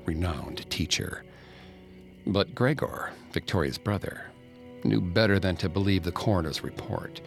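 Male storyteller, deep-ish voice, scripted ghost story read with dramatic hushes. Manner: dramatic, hushed at tense moments. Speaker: narrator.

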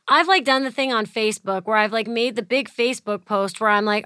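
A woman in her thirties tells her own story in a loose, chatty way. She acts out the quoted lines and scatters "like" everywhere. Her voice is bright and sits a little high, recorded close and dry. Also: fairly quick, hardly any pauses, smooth, no room sound. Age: 30s. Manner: chatty, acts out quoted dialogue, heavy use of "like". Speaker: interviewee. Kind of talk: casual storytelling.

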